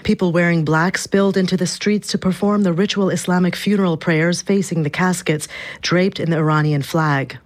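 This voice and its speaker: A woman's voice: on the low side, moderate pace. Woman reporting news from abroad. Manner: even, formal reporting. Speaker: news correspondent.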